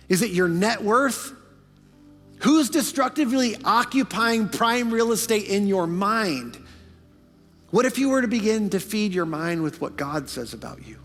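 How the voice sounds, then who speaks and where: High-voiced pastor preaching in a hall. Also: male voice. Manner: preaching with swings from hushed to fervent, rapid asides. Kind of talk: sermon. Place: church sanctuary.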